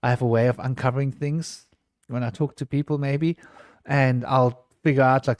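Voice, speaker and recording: A man's voice: mid-range voice, steady tone, moderate pace, darkish tone, dry recording, clean studio sound. A man talking in a casual round table discussion, rambling and emotional with many restarts.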